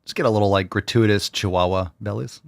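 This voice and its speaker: The host of a fitness talk show rants crudely and heatedly, throwing in sarcastic mimicry. His fairly low, gravelly voice keeps a steady tone at a quick pace, with no echo.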